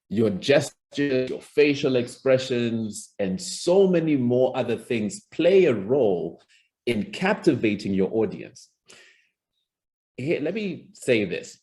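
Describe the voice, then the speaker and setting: A man's voice: fairly low pitch, darkish tone. A man teaching presentation skills over a video call, talking conversationally with frequent restarts and acting out example lines. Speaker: public speaking coach. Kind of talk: online presentation skills lesson.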